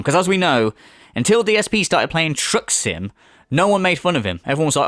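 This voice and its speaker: A sarcastic man rants through a mocking commentary, swearing freely. His pitch sits a touch high and swings widely as he scoffs. The sound is close and dry. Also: sing-song, fairly quick, fairly bright tone, dry recording. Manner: sarcastic, swears heavily, mocks in put-on voices. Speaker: commentary video host.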